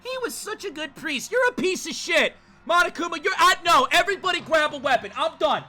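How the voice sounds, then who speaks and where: A game streamer ranting through live commentary, swearing freely and talking straight to the chat. The voice is bright and swings widely in pitch. Faint game music plays underneath. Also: lively intonation, a little fast. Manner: ranting, profane, chatting with viewers.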